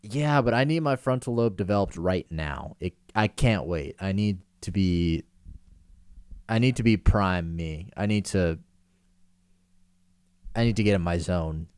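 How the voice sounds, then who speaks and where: A man's voice: sits low, measured pace, long pauses, darkish tone, smooth, no echo. A man in his twenties co-hosting a podcast, telling rambling, self-deprecating stories in casual chat with a giggly manner. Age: 20s. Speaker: podcast co-host.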